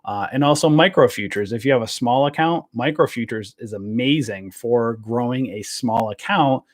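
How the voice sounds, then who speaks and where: A man's voice: medium pitch, moderate pace. Rambling male stream host. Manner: rambling, filler-heavy, addresses viewers as guys. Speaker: trading show host. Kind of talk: casual livestream chat.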